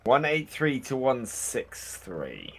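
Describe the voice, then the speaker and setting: Animated slow-talking male esports commentator. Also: medium pitch, vocal fry, slightly rough. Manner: animated, laughs often, drawn-out phrasing.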